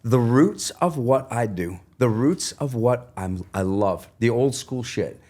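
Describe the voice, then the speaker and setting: Animated storytelling man, wide pitch swings. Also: slow. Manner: animated storyteller, swears freely, acts out voices. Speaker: guest singer. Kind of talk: casual podcast chat.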